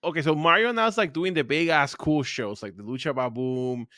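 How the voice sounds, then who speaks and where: A man hosting a podcast, telling rambling, crude stories full of filler words and getting animated as he goes. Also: brisk, no room sound, clean studio sound. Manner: animated, pitch rising when excited. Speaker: podcast host. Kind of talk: casual storytelling chat.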